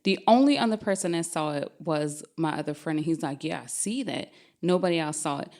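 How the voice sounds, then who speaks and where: A woman's voice: low-pitched, fast talker, darkish tone. A woman, guest on a podcast, animatedly telling a true scary story and laughing as she goes. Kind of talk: casual storytelling.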